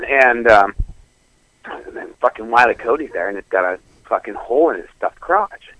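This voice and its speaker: Man, profane radio caller, animated, bright, dry. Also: medium pitch, moderate pace, dry recording, muffled recording. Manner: profane, animated, laughing through the story. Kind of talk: crude comedic storytelling.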